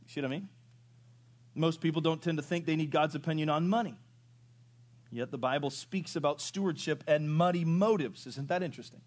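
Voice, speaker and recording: A man preaching a sermon, moving from loud rising questions to low quiet asides. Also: fairly quick. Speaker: pastor. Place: church sanctuary.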